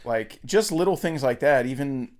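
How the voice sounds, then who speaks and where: A man's voice: mid-range voice, animated, normal speed, darkish tone. A man co-hosting a podcast, chatting casually and enthusiastically about a movie, with frequent fillers. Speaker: podcast co-host. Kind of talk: casual film chat.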